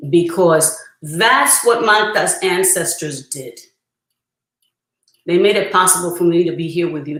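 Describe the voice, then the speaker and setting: A priestess presenting a spiritual workshop, talking earnestly and reverently with frequent pauses, and reciting a prayer. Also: female voice, deep voice. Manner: earnest, reverent, pausing often to gather thoughts. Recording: roomy echo.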